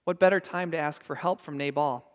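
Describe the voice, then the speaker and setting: High-voiced pastor in an echoing church. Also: male voice, fairly even intonation, a little fast. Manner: earnest and emphatic, acting out scenes. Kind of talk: sermon. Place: church sanctuary.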